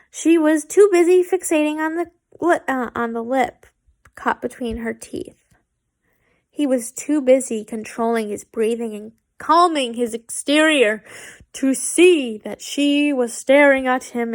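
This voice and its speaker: High-voiced woman reading fan fiction aloud. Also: a little slow. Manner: stumbling, self-correcting, chatty asides.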